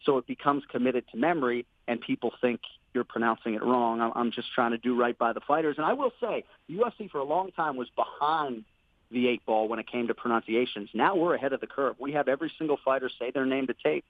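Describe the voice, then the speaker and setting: A man's voice: medium pitch, fast talker, no room sound. Male sports commentator, thirties, phoned-in guest; earnest, upbeat, fills with "you know" and "man". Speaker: MMA play-by-play commentator, guest. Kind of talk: casual interview chat. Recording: tinny phone line, dry.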